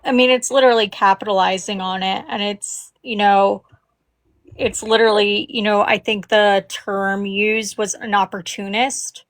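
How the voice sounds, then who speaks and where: A woman, gentle and caring, talking hesitantly on a live call. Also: mid-range voice, fairly even intonation, moderate pace, no echo. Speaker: live stream guest. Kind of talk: casual chat.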